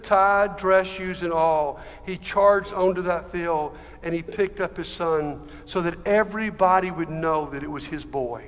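A pastor, a man, tells a moving story from the pulpit with dramatic swells of emotion. His voice sits high for a man. It rings with a long reverb through a church hall. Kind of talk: sermon storytelling.

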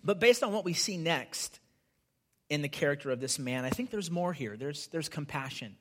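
A man's voice: a little high, lively intonation, moderate pace. A man preaching a sermon as pastor, earnestly explaining scripture with frequent tag questions and repeated words. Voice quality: repeats words when starting phrases.

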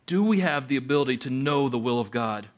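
A man preaching a conversational sermon, often halting and repeating words as he goes. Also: mid-range voice, animated. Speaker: guest preacher.

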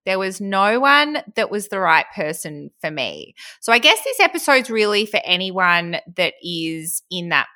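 A woman's voice: mid-range voice, very animated, a little slow, few pauses, sharp tone. A woman, hosting a casual podcast chat in a candid, chatty way and laughing often. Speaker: podcast host.

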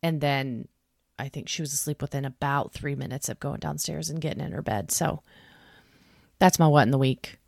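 A young adult woman co-hosting a podcast, telling a family story in an animated, chatty way full of "like.". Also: sits low, normal speed, vocal fry, dry recording, studio quality. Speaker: podcast co-host. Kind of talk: casual storytelling chat.

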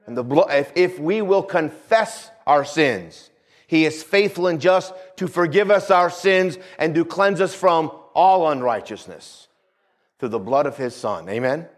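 A man's voice: on the high side, expressive, a little slow. A male pastor preaching a sermon, repeating phrases for emphasis and calling out for amens.

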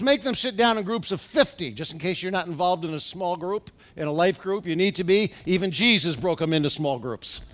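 A middle-aged man preaching a sermon as pastor in a church, asking the congregation questions and building to loud, urgent exhortations. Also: high voice. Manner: preaching with rising, shouted exhortations and rhetorical questions. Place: church sanctuary.

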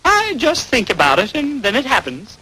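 An actor voicing a chirpy, cocky magpie in an old animated cartoon with vintage cartoon voice acting, his voice high, bouncy and showy. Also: moderate pace, slightly rough, full character voice, rough recording. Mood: chipper.

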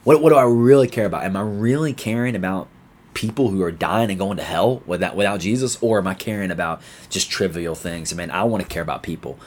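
A man's voice: deep voice, a little fast. A man reading scripture aloud and then unpacking it in a casual, slangy devotional style with emphatic asides. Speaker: Bible teacher.

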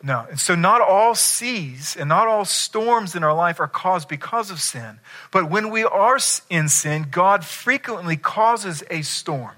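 A man's voice: high voice, lively intonation, a little slow, few pauses, pushed and bright. A man preaching a sermon, emphatic and asking his listeners questions. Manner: emphatic, asks the congregation questions. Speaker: pastor.

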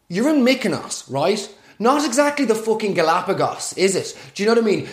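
Sarcastic man ranting. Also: a little high. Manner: sarcastic, exasperated, swears freely. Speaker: podcast host. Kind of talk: comic rant monologue. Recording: echoey room.

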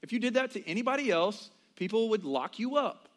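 A man in his early thirties preaches with a light, high-pitched voice. He talks to the congregation casually, slipping in quick asides and acting out little quotes as he goes. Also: lively intonation. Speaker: pastor. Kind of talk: sermon.

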